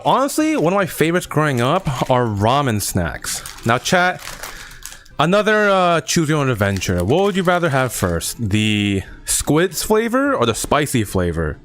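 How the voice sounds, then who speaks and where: A man's voice: on the high side, sing-song, unhurried, fairly bright tone. A young man streaming, chatting casually to his viewers while reviewing snacks at a table at home, rambling and playful.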